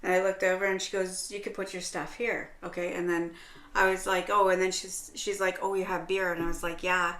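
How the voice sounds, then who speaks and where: A Canadian co-host tells a long, animated story in casual chat, swearing heavily and tossing in "right?" every few lines. Her voice is fairly low in pitch, and she talks a little fast. The room sounds echoey.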